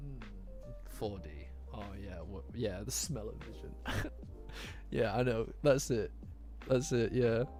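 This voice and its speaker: Young English guy, casual streamer, jokey and sweary, quiet lo-fi music bed. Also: fairly low pitch, slow. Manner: laughing, jokey, swears freely. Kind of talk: casual live-chat commentary. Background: faint lo-fi music.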